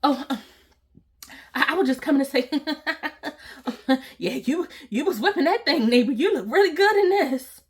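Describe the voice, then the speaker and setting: A woman's voice: high-pitched, lively intonation, a little slow, voice pushed up. A woman quoting her creepy male neighbor as he stammers out a flirty compliment. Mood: fawning. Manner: hesitant, stammering, fawning.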